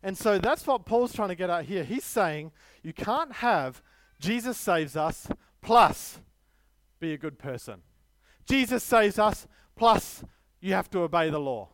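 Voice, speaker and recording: High-voiced man preaching a sermon. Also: animated, unhurried, fairly bright tone, no room sound. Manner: emphatic, storytelling, self-deprecating humor.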